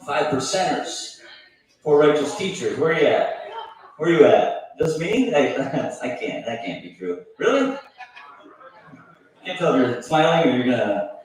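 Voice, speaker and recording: A man doing a stand-up set at an open mic, crude and offhand, doing crowd work and mocking his own jokes. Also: medium pitch. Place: bar stage at an open mic. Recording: echoey room, taped from far off.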